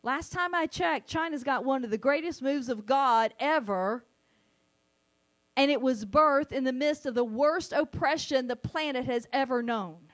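A woman preaching a sermon, animated, sometimes acting out the voices she quotes. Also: high-pitched, unhurried.

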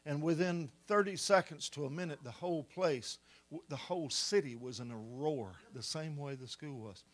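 Male preacher, middle-aged, sermon storytelling, fairly high voice, builds to loud peaks. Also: normal speed. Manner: animated storyteller, rising to loud climaxes.

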